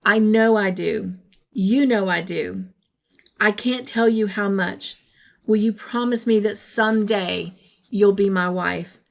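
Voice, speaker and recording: A woman reading the lines of an earnest, lovestruck young man in a storybook, speaking quietly. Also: medium pitch, takes it slowly, creaky.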